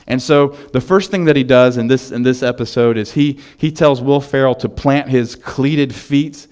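A man's voice: medium pitch, moderate pace, clean tone. Man preaching a casual, storytelling sermon. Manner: casual storytelling with fillers, animated retelling. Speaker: pastor. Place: church.

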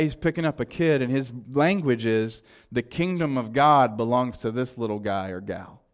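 Southern male pastor, chatty sermon delivery, mid-pitched voice. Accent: Southern American. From American South. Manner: conversational preaching, quick asides and restarts.

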